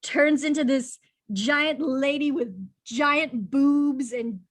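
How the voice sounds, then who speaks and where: High, unhurried woman gushing about a book. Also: fairly even intonation. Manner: gushing, breaks into laughter often. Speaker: podcast co-host. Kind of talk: casual book discussion.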